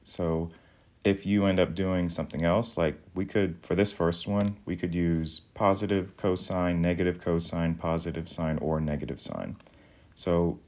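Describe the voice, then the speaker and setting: Deep-voiced man teaching math. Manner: calm, methodical, explains step by step. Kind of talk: recorded video lesson.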